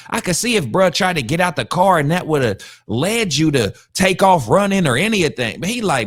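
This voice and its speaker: A man with a fairly high voice gives slangy, emphatic reaction commentary, repeating his points for effect. The sound is dry and close, with no room around him. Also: very animated, a little fast, no echo. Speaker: podcast host reacting to a video.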